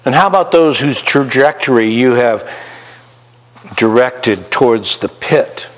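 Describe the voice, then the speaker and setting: Preaching to his congregation, a male pastor uses an animated, medium-pitched voice that trails off in long reverb. His delivery is slow, full of rhetorical questions, and he gives voice to the inner conscience.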